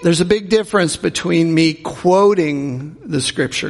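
A man preaching a sermon in earnest, repeating words and slowing down to stress them, recorded in a long-reverb church hall. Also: on the high side, fairly even intonation, gravelly, faint music behind. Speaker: pastor.

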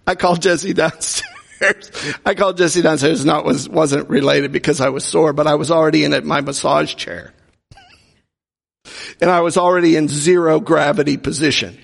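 Man, pastor, slightly high gravelly voice, jokey storytelling sermon, long hall echo. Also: steady tone, moderate pace. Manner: humorous storytelling, acts out quoted voices. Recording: long reverb from a large hall.

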